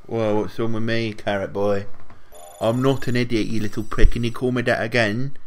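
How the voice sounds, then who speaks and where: A young online troll with a low-ish, level voice speaks at normal speed while mocking strangers in game voice chat. Over his headset he's taunting, crude and insulting.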